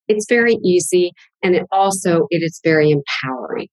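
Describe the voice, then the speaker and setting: A woman business coach answering interview questions in a plain, direct, steady way. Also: lowish voice, moderate pace, few pauses, dry recording, rough recording.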